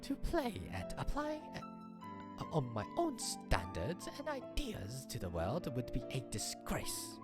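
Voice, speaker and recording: A woman doing a haughty young bird noble, breathy and lofty. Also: a bass voice, wildly swooping pitch, slow pace, loud music behind the voice, voice pushed up, full character voice. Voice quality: breathy half-whispered. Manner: proud, stiff and formal, sighing. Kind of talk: reading a game aloud on stream.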